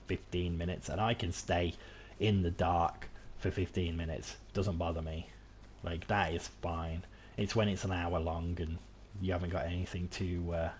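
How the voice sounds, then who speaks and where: An English game streamer gives casual commentary while playing, rambling, putting himself down, and restarting his sentences a lot. His voice is low-pitched and husky.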